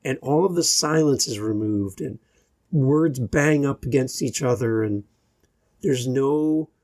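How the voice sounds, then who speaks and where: Slow, gravelly-voiced male podcast host. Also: medium pitch, a little mellow, no room sound, studio quality. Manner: slow, deliberate delivery with long pauses. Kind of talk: solo podcast monologue.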